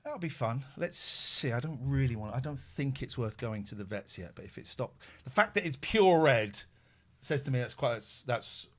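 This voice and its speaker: A man's voice: medium pitch, moderate pace. A middle-aged man hosting a podcast, telling stories casually and swearing freely. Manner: sweary, animated storyteller; drops to a hushed murmur when tending his pet. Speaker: podcast host. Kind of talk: casual chat.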